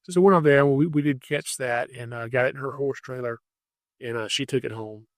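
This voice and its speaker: A man hosting a podcast, telling rambling, animated stories about catching animals in a casual way. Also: medium pitch, fairly quick, no room sound, clean studio sound. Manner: animated, rambling anecdotes with restarts. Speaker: podcast host, wildlife catcher. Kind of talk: casual storytelling.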